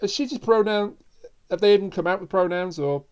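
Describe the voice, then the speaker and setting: Podcast host, casual chat, jokey, stumbles over words, middling pitch. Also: brisk, a little mellow, smooth. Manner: jokey, laughs a lot, trips over words.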